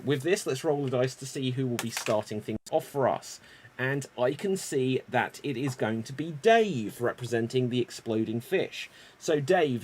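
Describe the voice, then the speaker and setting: A man hosting a live online improv show, introducing players with upbeat, joking lines. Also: medium pitch. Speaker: host.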